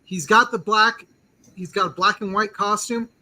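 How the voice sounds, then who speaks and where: A man's voice: sits high, steady tone, normal speed, pushed and bright, low-quality recording. A man hosting a casual pop-culture chat show, talking eagerly and rambling with lots of "like" fillers. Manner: eager, rambling, heavy use of "like". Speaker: podcast host.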